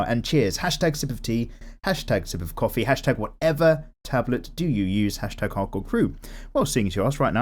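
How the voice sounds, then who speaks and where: A young man with a casual, animated manner, chatting while he draws and swearing freely as he goes. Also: medium pitch. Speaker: art vlogger. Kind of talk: casual chat while drawing.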